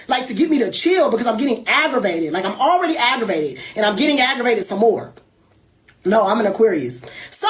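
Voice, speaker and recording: A woman telling a personal story in casual talk, animated and irritated, acting out other people as she goes. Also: fairly high pitch.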